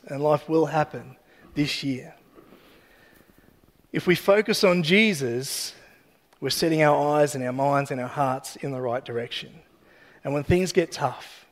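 Preacher type: man with a high voice, relaxed and joking as he tells the story, in a big echoing church hall. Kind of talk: sermon. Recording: long hall reverb.

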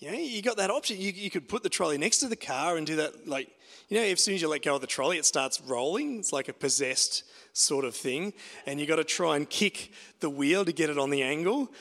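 Preacher in a reverberant hall. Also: male voice, fairly high pitch, animated, a little fast, fairly bright tone. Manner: conversational storytelling with emphatic rises. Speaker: pastor. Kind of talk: sermon.

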